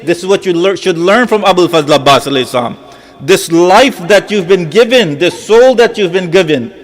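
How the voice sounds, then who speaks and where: A man preaching a mourning sermon. He asks rhetorical questions, repeats key phrases, and retells scenes through quoted dialogue. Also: a little high.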